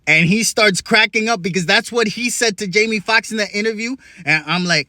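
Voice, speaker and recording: Young comedian guy telling a story, swears a lot, hyped, slightly high voice, dry close sound. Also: no echo. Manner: excitable, profane, rapid asides. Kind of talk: comic storytelling.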